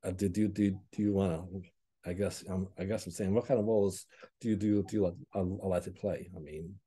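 A man hosting a podcast interview, talking haltingly and repeating words as he feels his way into questions. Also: deep voice, steady tone, dark tone, husky. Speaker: podcast host. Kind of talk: casual interview conversation.

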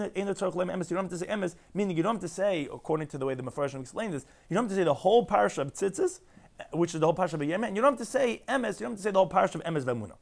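Rapid-fire rabbi teaching Talmud. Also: male voice, high-pitched, creaky. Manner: rapid explanatory delivery, reads and translates text line by line. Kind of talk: daily Talmud lesson.

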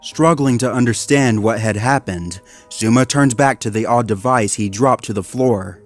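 Male narrator for a creepy story reading, middle pitch, measured delivery, faint music behind.

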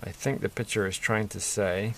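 Man, low gravelly voice, rambling building commentary, faint background hiss. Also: fairly even intonation, moderate pace. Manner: rambling, musing aloud, mildly self-deprecating. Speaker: toy building vlogger.

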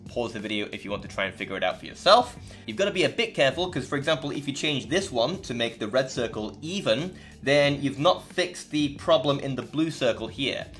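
A man narrating a scripted math lesson, explaining clearly and methodically with the occasional dry joke. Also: medium pitch, fairly bright tone. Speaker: math educator and channel host.

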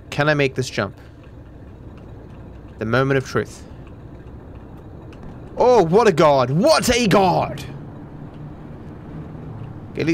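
A young Australian man giving live gameplay commentary, excitable and swearing in quick outbursts at the game. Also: medium pitch, vocal fry, a little hiss or hum. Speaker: streamer.

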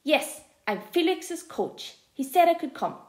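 A woman voicing an excitable, cheeky schoolboy who talks breathlessly and eagerly. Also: sits high, measured pace, reverberant, voice pushed up.

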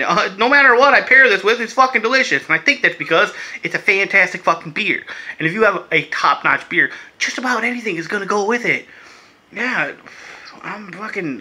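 Male vlogger, profane and rambling, slightly high, very bright voice. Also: lively intonation, fairly quick, slightly rough. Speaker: beer and vape reviewer. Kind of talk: casual review vlog.

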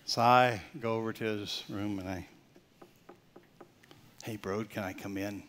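Older male pastor, loud to whispered. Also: fairly low pitch, fairly even intonation, a little slow, slight background noise. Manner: swings from loud emphatic preaching to soft near-whispered storytelling. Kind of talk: sermon.

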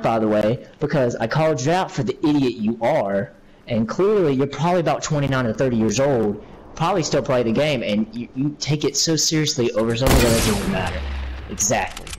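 A man's voice: medium pitch, slight background noise, poor audio. A man trash-talking another player in heated online gaming banter, taunting and repeating himself. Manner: taunting, insulting, repetitive. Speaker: gamer on party chat.

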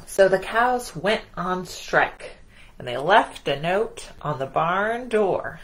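A woman librarian reading a picture book aloud at children's storytime, animated and asking the kids questions. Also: lowish voice, takes it slowly, rough recording.

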